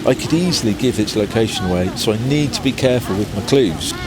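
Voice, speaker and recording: Sex: man. Role: photographer on location. Style: scripted location piece. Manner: measured. Pitch: fairly low. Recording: outdoors, with clear street noise behind. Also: lively intonation.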